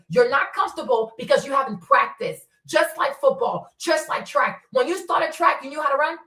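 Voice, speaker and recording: A woman's voice: high-pitched, pushed and bright, recorded from a distance. A woman giving impassioned commentary, blunt and profane, firing off rhetorical questions. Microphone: streaming setup. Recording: roomy sound from away from the mic.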